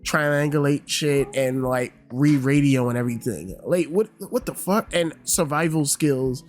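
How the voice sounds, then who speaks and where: A man's voice: a little high, a little slow, soft background music. Profane, fired-up male reviewer. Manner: heavily profane, exasperated. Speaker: YouTube reviewer. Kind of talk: casual ranting review.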